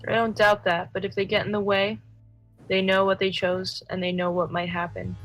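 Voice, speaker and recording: A woman's voice: medium pitch, level tone, moderate pace, fairly bright tone, faint music behind, close to an everyday voice, low-quality recording. A woman playing a stern, resolute rebel fighter in a tabletop game, talking bluntly and matter-of-factly. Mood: grim. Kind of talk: in-character tabletop role-play.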